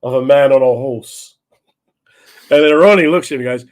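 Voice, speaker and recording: A man's voice: medium pitch, normal speed. A man who is a stand-up comedian, telling comic anecdotes as a guest and slipping into the voices of the people in them. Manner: animated, slips into voices of the people in his stories.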